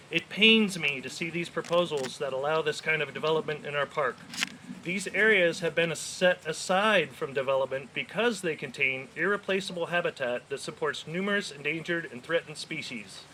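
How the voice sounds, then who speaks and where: Bright-voiced man giving an earnest speech. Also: a little high, slight background noise. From Florida. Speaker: outdoor business owner speaking at a rally. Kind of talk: prepared public speech. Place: outdoor park rally.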